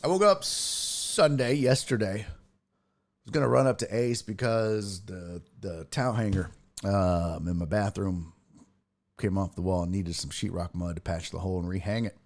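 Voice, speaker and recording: With a low, darkish voice, fairly even intonation, and a moderate pace, a sports podcast host chats on a casual livestream. He rambles, curses, and laughs his way through stories on his sports talk stream.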